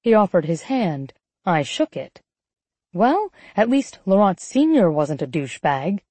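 A woman narrating a first-person romance audiobook in an expressive, sardonic inner voice, also voicing the heroine's lines. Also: medium pitch, measured pace, husky, dry recording.

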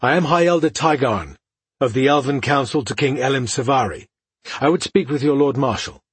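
A man's voice: medium pitch, husky, dry recording. A man voicing Tygon, a grave, ancient elf elder. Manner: formal, measured speech.

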